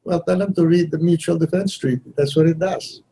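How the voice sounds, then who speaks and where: Blunt husky man with a wry tone. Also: a little high, fairly even intonation, a little fast, mellow, low-quality recording. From Philippines. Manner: blunt, wry, acts out others' lines with shifts in voice. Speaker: foreign minister, guest. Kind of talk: candid interview answers.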